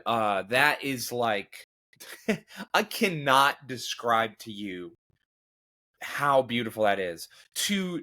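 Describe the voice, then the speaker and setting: A man's voice: medium pitch, pushed and bright. A man in his thirties talking candidly and emotionally about faith and grief, rambling with restarts and occasional laughs. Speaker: comedian and podcast guest. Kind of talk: candid conversational talk.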